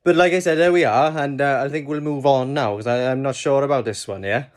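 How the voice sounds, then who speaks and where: A man putting on a Welsh accent, playing a slow, stammering Swansea man. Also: medium pitch, natural voice. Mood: unsure.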